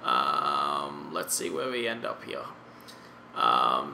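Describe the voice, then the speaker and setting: A man's voice: on the low side, big pitch swings, measured pace, vocal fry, pushed and bright, roomy sound. A man in his late twenties giving casual, rambling commentary over a hockey video game and exclaiming at the results. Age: 20s. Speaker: gaming YouTuber.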